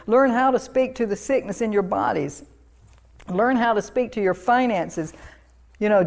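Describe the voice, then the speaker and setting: A middle-aged woman pastor delivers a sermon in a mid-pitched voice. She preaches with fervent conviction, declaring and commanding, and often repeats her affirmations. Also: darkish tone.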